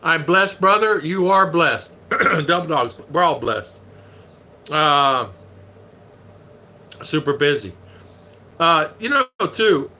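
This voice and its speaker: A man's voice: on the high side, animated, takes it slowly, long pauses, pushed and bright, highs cut off. A man from the United States hosting a casual live stream, chatting in a folksy way and reading viewer comments aloud.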